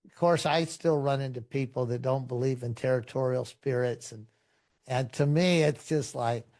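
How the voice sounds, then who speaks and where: A middle-aged man, a pastor, telling stories in a relaxed, rambling way, with many fillers and restarts. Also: medium pitch, normal speed. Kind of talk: conversational storytelling in a podcast interview.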